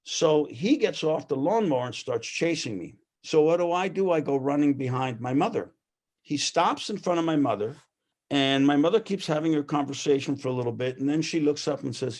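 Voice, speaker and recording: Gravelly-voiced man telling family stories. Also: on the high side, moderate pace. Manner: animated anecdotal storyteller; laughs often while talking. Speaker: guest. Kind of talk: personal storytelling.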